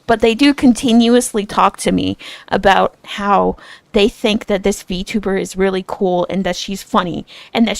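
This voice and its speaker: A young woman streaming as a VTuber, chatting casually and self-deprecatingly, giggling often and bursting into excited quoted asides. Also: mid-range voice, vocal fry, dry recording, rough recording. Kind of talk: casual chat.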